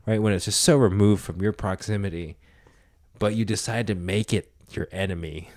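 A man's voice: on the low side, normal speed, a little mellow, no echo, clean studio sound. A young man hosting a casual podcast chat, swearing freely and often asking "right?". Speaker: podcast host.

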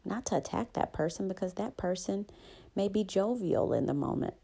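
A woman hosting a calm, reflective self-help talk, soothing and conversational, often adding "right?" to her points. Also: medium pitch, moderate pace, vocal fry, husky. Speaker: host.

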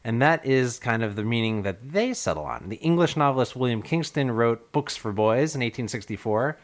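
A man's voice: medium pitch, lively intonation, normal speed. A man co-hosting a casual podcast chat, explaining what he has looked up, with frequent ums and easy laughter. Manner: explanatory, laughs often, hesitant fillers. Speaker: podcast co-host presenting research.

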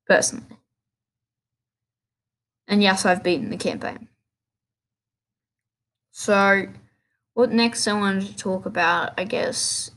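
A woman's voice: medium pitch, fairly bright tone. A woman hosting a casual solo gaming podcast, rambling and restarting her sentences in an offhand way. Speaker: podcast host.

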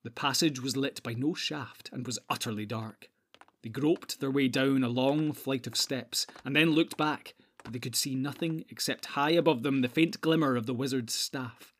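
Man reading a fantasy audiobook, husky breathy voice, mid pitch, steady measured delivery. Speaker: narrator. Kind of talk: scripted fantasy audiobook narration.

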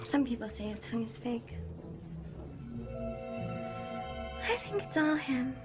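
An actress playing a nosy, playfully teasing young babysitter in film dialogue. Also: female voice, high voice, big pitch swings, takes it slowly, loud music behind the voice, full character voice.

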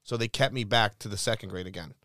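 A man's voice: on the low side, fast talker, pushed and bright, no room sound, studio quality. A young man from New York co-hosting a podcast, cutting in with jokes and sarcastic remarks. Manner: joking, sarcastic interjections. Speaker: podcast co-host. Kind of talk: casual chat.

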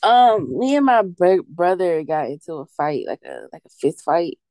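A woman's voice: fairly low pitch, very animated, normal speed, warm tone, no room sound. A young woman, telling a personal story in casual podcast chat, full of "like" and restarts. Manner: rambling storytelling with many likes.

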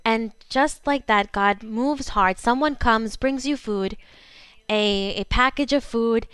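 Fervent woman preacher, smooth voice. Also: fairly high pitch, a bit bright, no echo. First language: Spanish. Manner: fervent preaching, slows for emphasis. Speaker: pastor. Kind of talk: sermon.

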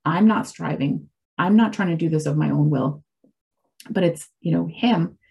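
A woman's voice: low voice, moderate pace, gravelly, mellow, husky. Candid, reflective woman in her forties. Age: 40s. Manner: reflective and candid, with frequent fillers and restarts. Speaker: speaker sharing a personal faith and recovery story. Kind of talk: casual reflective talk.

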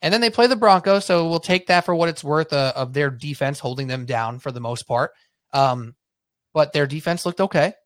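A male podcast co-host in casual sports chat, rambling through stories with plenty of animation. His voice sits a little higher than most men's. The sound is close and dry, with no room echo. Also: animated, moderate pace.

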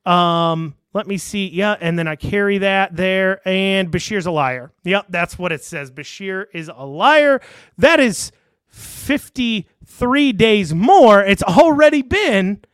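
A man's voice: sits high, fairly bright tone, clear, resonant tone, no echo. A man giving casual online political commentary, rambling and sarcastic, with many fillers and restarts.

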